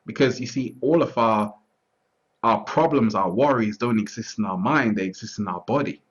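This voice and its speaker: A man talking through his thoughts in a relaxed, reflective conversation, often restarting and asking whether he is understood. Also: fairly low pitch, normal speed, breathy edge. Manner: repeats words, restarts often, asks "you see what I'm trying to say". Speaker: interview guest. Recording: dull lo-fi audio.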